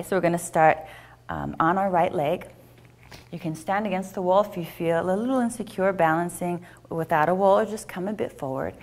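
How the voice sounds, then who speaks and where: A woman teaching a yoga class, giving gentle, encouraging step-by-step instructions. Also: fairly low pitch.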